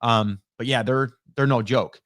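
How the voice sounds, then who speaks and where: On a casual live stream, a middle-aged man reads chat and greets his viewers by name, chatting in an upbeat, meandering way. His mid-range voice is steady and fairly bright, a little slow, captured through a broadcast dynamic studio mic.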